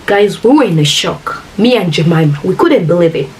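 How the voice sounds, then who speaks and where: A woman's voice: lowish voice, animated, a little fast. A woman earnestly tells a personal story to her viewers. She talks to them directly and acts out the dialogue she quotes. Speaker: vlogger. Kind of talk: emotional storytime retelling. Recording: distant mic with faint hiss.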